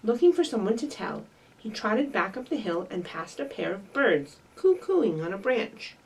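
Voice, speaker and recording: Lively woman reading story time, big pitch swings, mic set back. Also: normal speed, breathy edge, recorded from a distance, low-quality recording. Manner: bright, sing-song, animated. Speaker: children's librarian.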